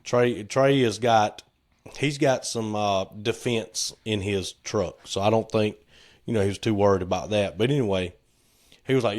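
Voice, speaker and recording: A man's voice: fairly low pitch, moderate pace, a little mellow. A man, co-hosting a casual podcast, spins a yarn at an easygoing pace. He chuckles along and slips into the voices of the people in his story. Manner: laid-back, chuckling, acts out quotes. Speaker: podcast co-host.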